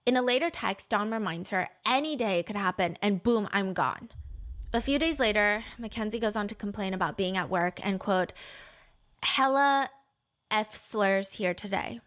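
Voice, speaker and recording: A woman telling a story in casual chat, reading messages aloud, animated and laughing, swearing freely. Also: mid-range voice, normal speed.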